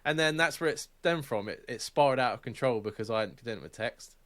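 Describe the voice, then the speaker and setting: A man's voice: medium pitch, expressive, a little fast, a bit bright. A young man co-hosting a podcast, telling stories in casual, sweary chat and laughing often. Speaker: podcast co-host.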